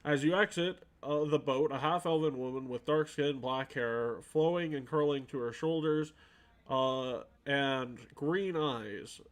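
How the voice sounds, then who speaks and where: A man narrating a tabletop game as game master, in a loose, halting way. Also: on the high side.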